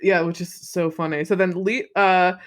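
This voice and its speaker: A woman's voice: on the low side, fairly even intonation, normal speed. A woman co-hosting a podcast, casually recapping a film in a rambling way, with lots of fillers, swearing and laughter. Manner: rambling, profane, many fillers, laughs often. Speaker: podcast co-host.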